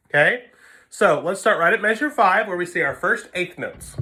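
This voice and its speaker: A man's voice: high voice, lively intonation, a little fast, sharp tone. A man giving a patient music lesson, counting beats aloud and explaining notes to his students. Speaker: string teacher. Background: violin playing.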